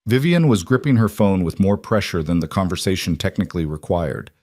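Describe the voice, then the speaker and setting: A man reading a scripted story in an even, unhurried way. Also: low-pitched, dry recording, studio quality. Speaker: narrator. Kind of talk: scripted narration.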